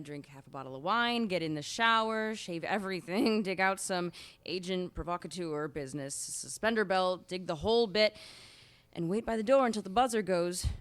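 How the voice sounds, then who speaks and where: A woman's voice: fairly low pitch, close to an everyday voice. A woman reading the part of a wry, frank young woman in a script read-aloud.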